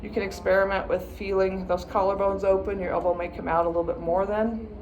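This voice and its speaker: A woman's voice: mid-range voice, level tone, quick pace, darkish tone, lo-fi sound, slight background noise. A woman viola teacher patiently walking students through practice steps, sometimes chanting rhythm words. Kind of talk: instructional practice walkthrough.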